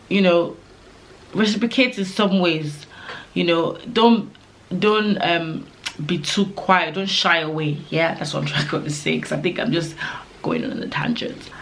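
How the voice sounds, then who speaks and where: Young woman vlogger, loose chatty advice read, rambling with lots of fillers. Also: lowish voice. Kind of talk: casual advice talk to camera.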